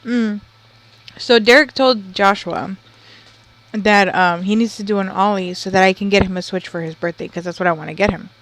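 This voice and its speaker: A woman's voice: mid-range voice, moderate pace, slight background noise. Joking, swearing woman on a home stream. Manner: loud, joking, swears, drops Spanish slang. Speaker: streamer's co-host. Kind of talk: casual livestream chat.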